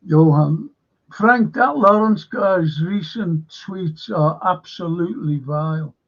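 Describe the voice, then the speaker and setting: A man's voice: a little high, takes it slowly. An older man hosting a casual livestream, rambling with many fillers and repeating himself as he reads the chat. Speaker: livestream host reading chat. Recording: dull lo-fi stream audio.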